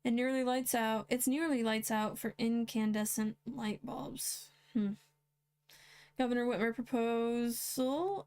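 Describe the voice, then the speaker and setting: A woman with a somewhat high voice reads news headlines aloud as host. She breaks in with blunt, sarcastic remarks in a casual, unscripted way. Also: steady tone, normal speed, darkish tone, smooth. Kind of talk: reading and commenting on news headlines.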